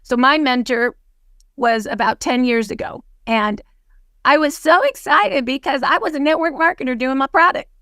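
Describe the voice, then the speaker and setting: A woman with a high, bright voice leads a business webinar over a video call, coaching her audience through stories. She slips into the voices of the people in her stories as she tells them. The sound is close and dry, with no room around it. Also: moderate pace, no echo. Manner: lively storyteller who acts out dialogue. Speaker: guest speaker, team leader. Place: home office on a video call. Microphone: video call microphone.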